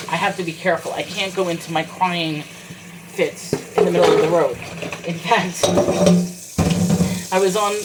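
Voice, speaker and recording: Over a noisy background, a medium-pitched woman rants emotionally in a personal vlog, holding back tears as she describes what she's going through while doing the dishes in her kitchen.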